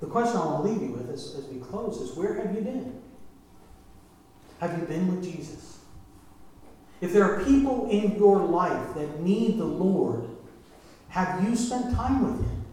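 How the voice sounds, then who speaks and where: High-voiced pastor in a very echoey room. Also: male voice, lively intonation, unhurried, pauses often, a little mellow. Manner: conversational preaching with asides and questions to the congregation. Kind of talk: sermon. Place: church sanctuary.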